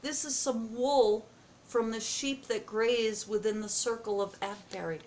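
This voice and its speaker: A woman vlogging at home as she opens happy mail, excited, gasping and halting with many fillers. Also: a little high. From United States. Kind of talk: casual vlog chat. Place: home, indoors.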